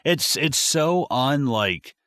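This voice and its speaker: A man co-hosting a podcast, recapping a movie in casual chat, excitable and profane, with lots of fillers. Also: mid-range voice, slow, no room sound, studio quality. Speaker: podcast co-host.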